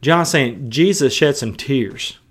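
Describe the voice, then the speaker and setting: A man's voice: medium pitch, lively intonation, slow, breathy edge. A male preacher giving a sermon, emphatic and conversational, mixing scripture with colloquial asides.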